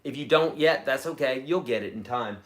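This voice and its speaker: A man's voice: medium pitch, fairly quick, heavy background noise. A man teaching a live-streamed guitar lesson, chatty and explaining, humming riffs as he goes.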